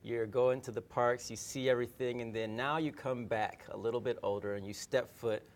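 Energetic male podcast host, mid-pitched, eager interviewer. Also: moderate pace. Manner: upbeat, enthusiastic. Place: podcast studio.

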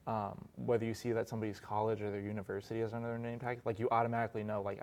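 Young male interview guest, low-pitched, easygoing, lots of "like" and "um". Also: racing, hardly any pauses. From Arizona, US. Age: 20s. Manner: relaxed, many fillers and "like". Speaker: guest, resort concierge. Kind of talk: casual interview. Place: podcast studio.

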